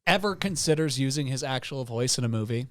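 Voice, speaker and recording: A man's voice: mid-range voice, lively intonation, a little fast. A young adult man co-hosting a film review podcast, joking, swearing, and riffing on actors. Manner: joking, swears, acts out anecdotes. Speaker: podcast co-host. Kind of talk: casual film review chat.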